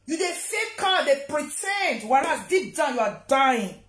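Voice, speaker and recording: A woman's voice: high-pitched, animated, measured pace. A Nigerian woman vlogger ranting to camera, scolding and taunting someone. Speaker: social media vlogger. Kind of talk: confrontational rant to camera. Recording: roomy echo.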